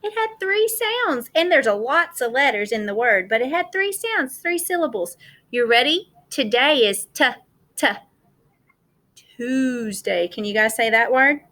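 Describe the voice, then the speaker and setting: A woman's voice: high voice, lively intonation, normal speed, bright, forceful tone. A woman teaching kindergarten over a video call, cheerful and sing-song, coaxing young children through the morning meeting. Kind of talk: online class morning meeting.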